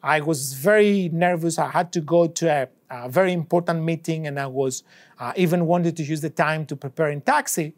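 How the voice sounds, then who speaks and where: A man's voice: on the high side, moderate pace. A male economics professor telling an anecdote during a university lecture, a non-native English speaker who acts out both sides of the dialogues as he goes. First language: not English.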